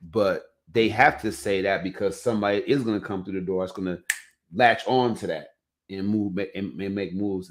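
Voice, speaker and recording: Easygoing low-voiced man hosting a podcast. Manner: loose, storytelling, heavy on "you know what I'm saying". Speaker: podcast host. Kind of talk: casual podcast chat.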